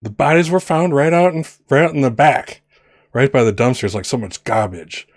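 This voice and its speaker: A man's voice: mid-range voice, moderate pace, no room sound, studio quality, voice pushed up, natural voice. A man voicing a self-righteous middle-aged male pastor in a tabletop game. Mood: stern.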